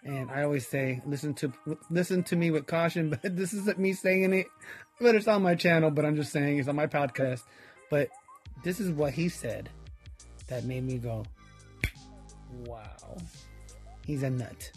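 A man's voice: a little high, moderate pace, soft background music. A man hosting a podcast, talking in a rambling, casual way with chuckling asides. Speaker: podcast host.

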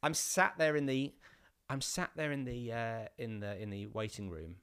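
A man, an actor, telling a casual anecdote with many restarts and animated bursts. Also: medium pitch, normal speed, smooth. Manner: rambling with many restarts, rising to animated outbursts.

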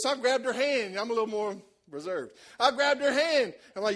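A man preaching a sermon, telling a lively story and acting out the voices of the people in it, with shouts at the high points. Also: fast talker, few pauses. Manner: animated, acts out voices, shouts at peaks. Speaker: pastor.

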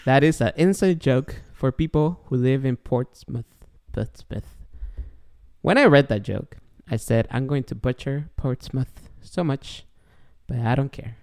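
A man's voice: medium pitch, measured pace, darkish tone, dry recording, studio quality. A man hosting a casual podcast, playful and jokey, slipping into announcer-style introductions. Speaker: podcast host.

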